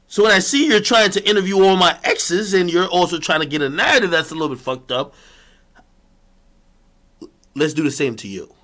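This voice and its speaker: A man ranting in a solo monologue, mocking and boastful, going from loud taunts to low muttered asides. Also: brisk, pauses often. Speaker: streamer.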